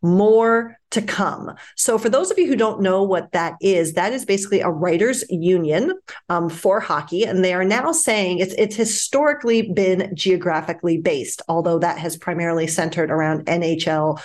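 A woman co-hosting a casual podcast, animated and quick to laugh while she chats and reads out news. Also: lowish voice. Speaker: podcast co-host.

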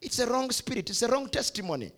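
A man's voice: extremely high pitch, sing-song, fast. A man with a Ugandan accent, preaching a youth sermon as pastor, emphatic and repeating key phrases. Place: church hall.

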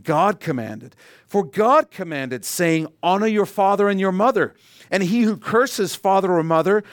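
A man's voice: on the high side, no room sound, clean studio sound. A male pastor preaching a sermon, conversational, with wry asides and verse readings.

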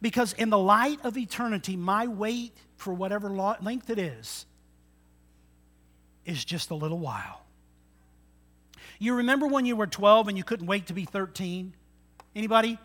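Man in his sixties preaching with a high, bright voice. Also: normal speed, pauses often. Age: 60s. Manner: lively preaching, swinging between loud emphatic lines and quiet asides. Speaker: pastor. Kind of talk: sermon.

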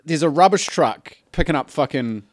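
A man's voice: a little high, expressive, normal speed, no echo, studio quality. A New Zealand man co-hosting a casual podcast chat, telling a story, swearing freely and acting out what the other person said. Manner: swears freely, tells stories and acts out the other person's lines. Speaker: podcast co-host.

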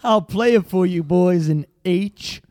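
A man plays a folksy older American president, genial and slow-spoken, in a comedy sketch. His voice sits fairly high and the sound is dry. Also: darkish tone, dry recording.

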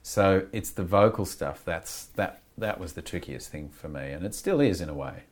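Male actor, very low voice, loose rambling interview talk, self-mocking. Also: expressive, normal speed. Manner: candid, rambling, self-deprecating with laughs.

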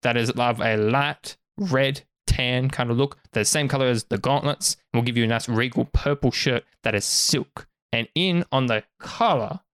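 A man's voice: mid-range voice, moderate pace, few pauses, fairly bright tone, clear, resonant tone, dry recording, clean studio sound, close to an everyday voice. A man voicing an eager male clothing merchant with pushy sales patter. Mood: persuasive.

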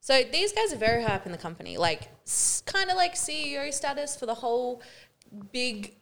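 An Australian woman co-hosting a podcast, telling work stories in lively, swearing casual chat and acting out what people said. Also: high-pitched, brisk, vocal fry. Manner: animated storytelling, swearing freely, acting out quotes. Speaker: podcast co-host.

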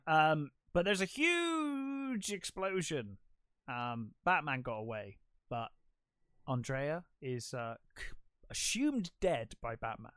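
A man's voice: fairly high pitch, very animated, slow pace, sharp tone, clean tone, no echo, studio quality. A young man co-hosting a casual film review podcast. He retells the plot with enthusiasm and lots of "um"s. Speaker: podcast co-host.

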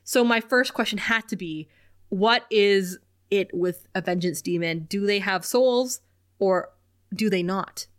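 A woman's voice: mid-range voice, unhurried. Chatty woman recapping with laughs. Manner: animated, laughs often, reads quotes in lively voices. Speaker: podcast co-host. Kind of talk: casual chat, recapping a TV episode.

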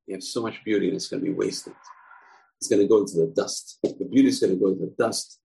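Old rabbi, solemn, low gravelly voice, from a man. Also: steady tone, fast talker, dark tone, rough recording.

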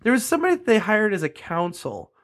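A man's voice: high-pitched, huge pitch swings, fast, fairly bright tone. A man co-hosting a podcast, giving blunt, wry takes on the news in casual banter. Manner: blunt, wry, laughs often. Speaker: podcast co-host.

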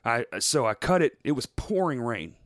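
Telling stories as a podcast co-host, this man swears freely and laughs often in casual chat. His medium-pitched voice makes big pitch swings at a moderate pace with a fairly bright tone, in a dry, studio-quality recording.

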